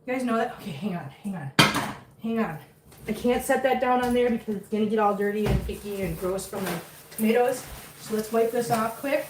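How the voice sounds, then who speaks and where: A fairly high-voiced woman chatting away as she cooks at home, flustered and talking straight to her viewers and her cats. She sits a little back from the mic, and the kitchen rings with echo under a faint hiss. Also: moderate pace, long pauses, far from the mic. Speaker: cooking vlogger. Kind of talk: casual cooking chat to viewers.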